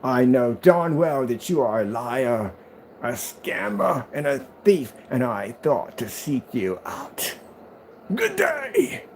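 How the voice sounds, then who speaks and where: A man's voice: medium pitch, wildly swooping pitch, vocal fry, a little hiss or hum, full character voice. A man putting on a prim, indignant Southern hater. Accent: Southern US (put on). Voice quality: genteel, drawn-out, theatrical.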